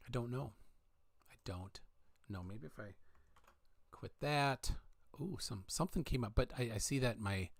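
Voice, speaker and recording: A man hosting a casual livestream, reading out chat comments in a rambling, halting way with many fillers, holding his mic close at home. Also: medium pitch, gravelly. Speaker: livestream host. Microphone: handheld mic held close.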